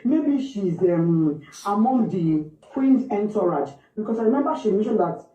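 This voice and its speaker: A woman with a Nigerian accent, a mother slowly and emotionally recounting what happened to her daughter. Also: medium pitch, expressive, warm tone. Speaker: grieving mother recounting events. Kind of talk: emotional personal account. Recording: distant, echoey, muffled replayed clip.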